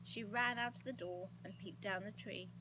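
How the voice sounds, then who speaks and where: A woman reading a children's storybook aloud with expressive, lively delivery. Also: mid-range voice, normal speed, noisy background. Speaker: storybook reader.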